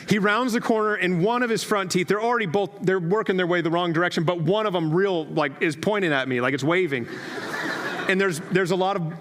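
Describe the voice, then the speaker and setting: A man in his thirties preaching a sermon as a pastor, telling stories in a conversational, self-deprecating way with quick asides. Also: a little high, a bit bright. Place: church sanctuary. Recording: long reverb of a church hall.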